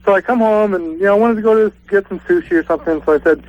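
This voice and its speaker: A man's voice: high-pitched, rapid-fire, narrow, tinny audio. A man calling in to a radio show, telling his story in a sheepish, rambling way. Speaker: caller.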